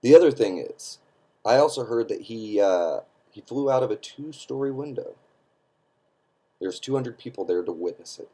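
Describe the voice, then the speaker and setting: A man's voice: fairly low pitch, warm tone. A man giving an emphatic, scornful opinion rant to camera, often checking in with his listeners by asking "okay?". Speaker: online commentator.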